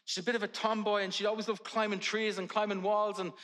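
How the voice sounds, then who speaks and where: A man's voice: high voice, level tone, fast, a bit bright. A man, a pastor preaching a sermon in a conversational way with humorous family stories.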